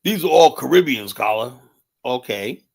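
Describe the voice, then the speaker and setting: A man's voice: medium pitch, animated, moderate pace, gravelly, darkish tone, slightly rough. An American man hosting a casual talk show, speaking emphatically and often tagging lines with "you know?". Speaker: show host.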